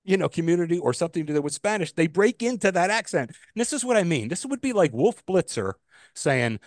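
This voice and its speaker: A man co-hosting a podcast, rambling and animated, swearing freely as he rants. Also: high-pitched, a little fast, no room sound, studio quality. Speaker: podcast co-host. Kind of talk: casual podcast rant.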